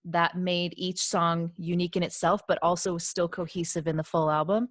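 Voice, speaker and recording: A young woman co-hosts a casual album review and wanders through her points with plenty of fillers. Her pitch is a little low. The recording is dry and close. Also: flat delivery, normal speed, dry recording. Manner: rambling, hesitant, filler-heavy. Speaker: co-host.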